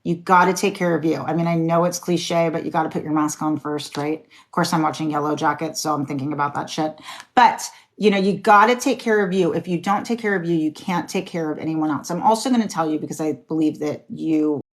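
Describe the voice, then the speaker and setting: A woman with a fairly low voice reads tarot cards live, calling out names and talking to her viewers in a relaxed way. She is encouraging and earnest, and she swears now and then. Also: brisk. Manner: casual, encouraging, occasionally swears. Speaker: tarot reader. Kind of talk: live-stream card reading.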